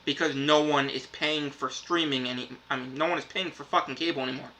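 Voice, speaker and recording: A man with a slightly raised, sharp and forceful voice tears into his subject in a heated rant. He swears in nearly every sentence and sounds fed up. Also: a little high, steady tone, fairly quick, a little hiss or hum, rough recording. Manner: frustrated, swears constantly. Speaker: reviewer. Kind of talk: profane ranting review.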